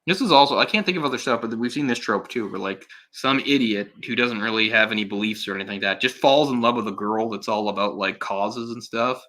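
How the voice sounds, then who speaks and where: A man's voice: lowish voice, a little fast, few pauses, sharp tone. A young man giving casual, sarcastic live commentary on a film, exasperated and swearing at times. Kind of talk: solo live movie commentary.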